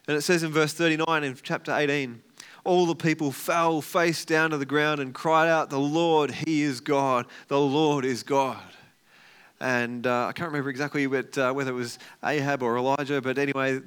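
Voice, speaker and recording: A man's voice: medium pitch, smooth. A man preaching a casual, storytelling sermon as a pastor, acting out the characters' lines with energy. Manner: conversational, animated storytelling with acted-out quotes.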